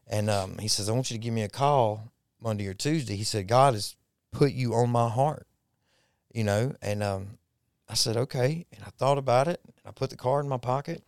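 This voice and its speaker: Gravelly man telling his testimony. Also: mid-range voice, normal speed, a little mellow, no echo, clean studio sound. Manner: folksy Southern-style storytelling, repeats himself when moved. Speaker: podcast guest. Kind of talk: personal testimony storytelling.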